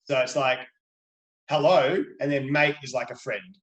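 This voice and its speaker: A man's voice: medium pitch, fairly even intonation, a little slow, a bit bright, roomy sound, poor audio. A middle-aged Australian man, a children's book author, chatting eagerly as a guest on a video call. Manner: chatty, enthusiastic, playful. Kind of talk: video call interview for kids.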